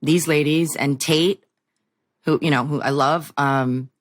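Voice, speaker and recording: A woman's voice: deep voice, fairly even intonation, takes it slowly, no room sound, studio quality. A woman guest on a podcast, chatting casually and telling self-deprecating stories. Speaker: guest actor.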